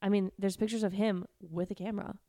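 A woman co-hosting a comedy podcast, tossing in quick teasing quips in casual banter. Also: mid-range voice, fairly even intonation, warm tone, no room sound, clean studio sound. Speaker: podcast co-host.

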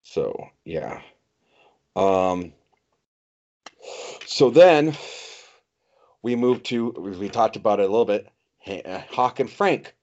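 A man co-hosting a podcast in casual chat, agreeable and hesitant, pausing often on ums and restarting his sentences. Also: low voice, darkish tone. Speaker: podcast co-host. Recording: dull lo-fi recording.

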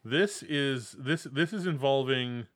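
A man on a podcast chatting casually and reading food notes aloud, stumbling and restarting as he goes. His voice is mid-pitched and sounds close and dry, with no room around it. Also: slow pace, dry recording. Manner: reads food facts aloud, many restarts. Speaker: podcast co-host.

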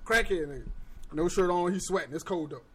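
A man's voice: high-pitched, a little fast, slight background noise. A man hosting a casual podcast, telling stories in a slangy, profane way and acting out what people said. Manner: animated, profane, slangy storyteller acting out quotes. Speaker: podcast host. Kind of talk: casual storytelling chat. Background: friends chatting and laughing.

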